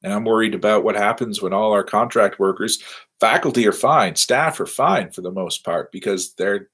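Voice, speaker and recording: A man's voice: on the low side, moderate pace, fairly bright tone, slightly rough. A man lecturing from his office over a webcam, rambling and self-deprecating with wry asides. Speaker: university lecturer. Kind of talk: casual livestreamed lecture wrap-up.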